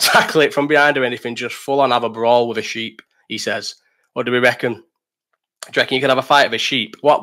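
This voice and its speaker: A man's voice: medium pitch, fairly bright tone. A man hosting a casual live stream, reading chat questions, rambling, swearing and laughing.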